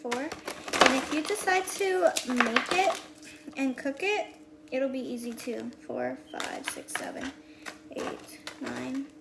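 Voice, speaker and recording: Hosting a casual meal prep livestream from her home kitchen, a woman chats with viewers and counts items aloud in a high-pitched, slow, creaky voice. She speaks into an earpiece mic, and the room is echoey with loud background noise.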